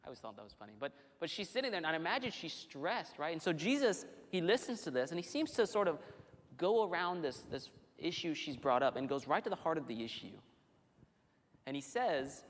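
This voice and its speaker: Male pastor, sermon in a church; animated, rapid storytelling delivery, echoing hall. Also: fairly high pitch. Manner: conversational, animated storytelling with restarts. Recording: long hall reverb.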